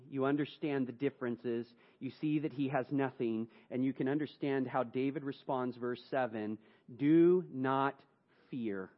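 Storytelling pastor with a lo-fi sound. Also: male voice, medium pitch. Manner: dramatic storytelling, swings from hushed to raised. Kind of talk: sermon.

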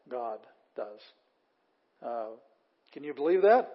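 A man's voice: mid-range voice, animated, moderate pace, husky. A middle-aged man teaching a Greek class, explaining grammar emphatically and repeating words for stress. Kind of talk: classroom lecture. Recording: dull lo-fi class recording.

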